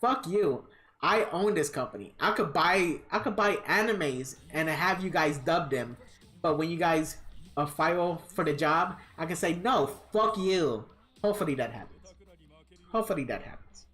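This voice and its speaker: With a low, slightly bright voice, animated and moderately paced, a woman livestreams herself playing a fighting game. Her casual commentary is blunt and profane, and she laughs at her own rants.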